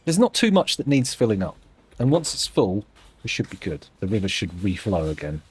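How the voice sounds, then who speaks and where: A man's voice: lowish voice, big pitch swings, normal speed, slightly rough, no room sound. A man streaming a game, chatting casually and thinking aloud with dry, self-mocking asides. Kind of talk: casual live-stream commentary while playing.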